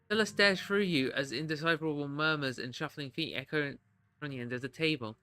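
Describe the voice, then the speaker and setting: A streamer narrating and joking through a story game, animated. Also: mid-range voice, a little fast. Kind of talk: let's play commentary and narration.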